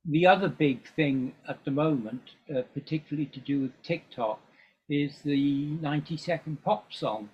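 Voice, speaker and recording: Speaking at a normal speed in a fairly high voice, an older Englishman chats as a guest musician in a casual interview. He rambles with frequent ums and restarts, and the dull lo-fi audio has a faint hiss or hum.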